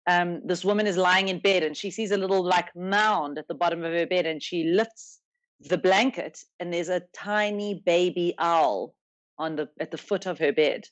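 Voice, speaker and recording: A woman's voice: fairly low pitch, moderate pace. A South African woman comedian speaking as a guest in a casual interview, emphatic and given to stammered repeats and comic exaggeration.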